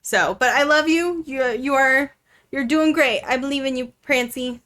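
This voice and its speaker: Chatty woman streamer, higher voice. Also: normal speed, fairly bright tone. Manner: chatty, many fillers, talks to viewers. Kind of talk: casual chat while playing a game.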